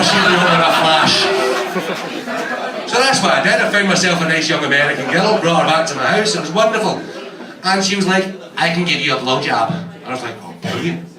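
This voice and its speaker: A middle-aged Scottish man doing a stand-up set, with a crude, punchy delivery and a habit of teasing the crowd. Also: a little high. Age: 40s. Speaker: stand-up comedian. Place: comedy club stage in a bar. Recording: echoey room from far off, crowd. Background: audience laughter.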